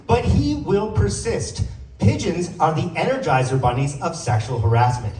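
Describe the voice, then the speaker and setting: A man performs stand-up comedy, his voice pitched high and swooping lively as he jokes with the crowd. The sound is roomy and heard from a distance, like a stage mic picked up across a club. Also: moderate pace. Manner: animated, playful crowd work. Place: comedy stage before a live audience.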